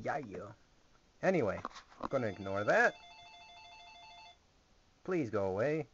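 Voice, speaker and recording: A man's voice: on the low side, sing-song, slow pace, long pauses, fairly bright tone, slightly rough, muffled recording. A young man giving a rambling, jokey, sarcastic tour of his small gaming closet, recorded on a camera mic. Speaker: vlogger. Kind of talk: casual home video tour.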